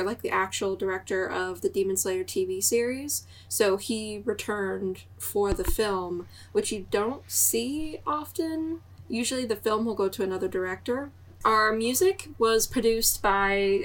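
A woman on a podcast running through production credits with casual asides. Her voice sits at an ordinary pitch. She sounds set back from the microphone. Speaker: podcast co-host. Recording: voice a bit far from the mic.

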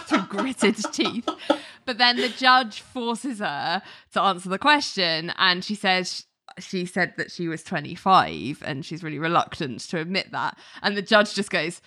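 A woman's voice: on the low side, animated, unhurried, pushed and bright. A woman host chatting casually, retelling a TV episode with lots of "like" and giggles. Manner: chatty storytelling, full of "like" and laughter. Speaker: podcast host recapping a TV episode. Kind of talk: casual chat.

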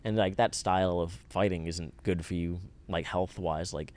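A man's voice: low voice, fairly even intonation, normal speed, darkish tone. A young man, a professional fighter and interview guest, talking casually and rambling with lots of "like.". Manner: rambling, full of "like" fillers.

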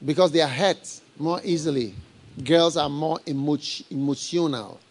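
A middle-aged man preaching a live sermon, animated and laughing, firing rhetorical questions at his congregation. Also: a little high, moderate pace. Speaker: pastor.

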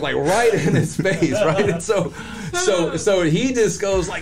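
Animated male storyteller, laughs and does voices, light room ambience. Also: on the high side, a little fast, hardly any pauses, slight background noise. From Southern California. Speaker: criminologist guest. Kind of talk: casual storytelling.

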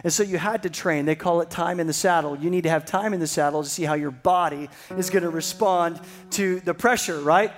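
A pastor telling a personal story in a sermon, building to excited emphasis. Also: male voice, a little high, fairly quick, few pauses, soft background music.

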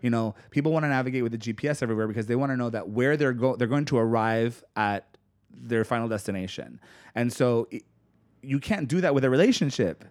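A man's voice: mid-range voice, quick pace, a little mellow, no echo, clean studio sound. A man chatting casually, rambling and searching for words as he talks. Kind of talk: casual chat.

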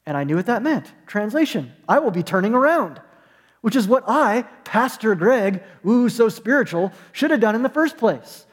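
High-voiced pastor preaching in a reverberant hall. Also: male voice, very animated, moderate pace. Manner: storytelling, acts out voices in anecdotes. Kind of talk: sermon. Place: church, online service.

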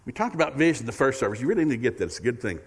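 A middle-aged man preaching a sermon as a guest speaker. He is folksy and humorous and repeats key phrases. He moves between loud, emphatic preaching and quiet, confiding storytelling. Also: mid-range voice, sing-song, racing, husky. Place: church sanctuary. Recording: long hall reverb in a church.

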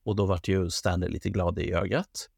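A man hosting a podcast, giving a relaxed recap with hesitant fillers. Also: low voice, normal speed, gravelly, breathy edge, dry recording, studio quality. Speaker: podcast host. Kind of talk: casual podcast commentary.

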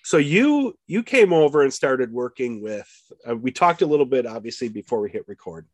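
A man with an American Midwest accent hosts a podcast interview in a casual chat, talking haltingly with many fillers and restarts. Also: medium pitch, animated, no room sound. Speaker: podcast host.

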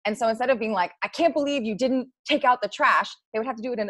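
A woman's voice: on the high side, animated, brisk, hardly any pauses. A woman chatting casually with her partner as podcast co-host, laughing easily and saying "like" a lot.

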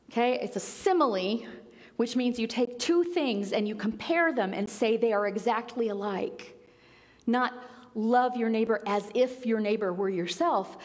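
Gentle woman preaching in a reverberant hall. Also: a little high. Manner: gentle, reflective, with emphatic repetition. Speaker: pastor. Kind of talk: sermon. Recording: long reverb of a large hall.

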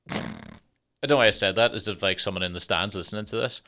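Comedian guy rambling on his podcast, lowish voice, swears loads, jokey tangents. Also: fast, pushed and bright. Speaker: podcast host and stand-up comedian. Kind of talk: casual solo podcast monologue.

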